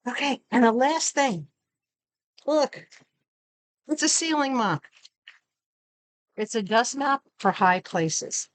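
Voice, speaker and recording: A woman's voice: a little high, animated, takes it slowly, pauses often. A woman chatting casually through a product unboxing, showing each item as she talks. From Arizona. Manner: chatty, shows items while talking. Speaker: product review vlogger.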